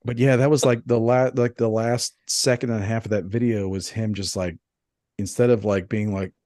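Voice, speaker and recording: A man in his thirties co-hosting a podcast, telling crude, rambling, animated stories in casual banter. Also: fairly low pitch, moderate pace, dry recording, clean studio sound. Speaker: podcast co-host.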